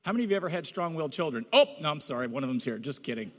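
Animated male pastor in an echoing hall. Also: fairly high pitch, rapid-fire. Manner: animated, rising to emphatic exhortation. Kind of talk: sermon. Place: church hall. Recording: reverberant hall.

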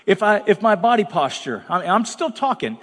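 High-voiced pastor preaching blunt. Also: male voice, sing-song, a little fast, in a large hall. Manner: blunt, conversational preaching with dramatic asides. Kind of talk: sermon. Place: large church hall.

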